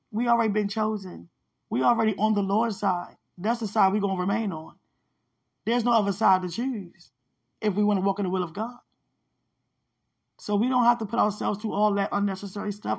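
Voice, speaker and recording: A woman's voice: mid-range voice, moderate pace, vocal fry, husky. A woman minister sharing a personal spiritual testimony in a heartfelt, conversational way, often repeating phrases for emphasis.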